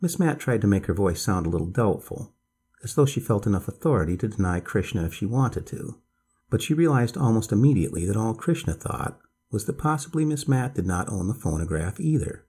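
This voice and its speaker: A man calmly reading a bedtime story aloud as narrator, in a measured storytelling voice. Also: fairly low pitch, breathy edge.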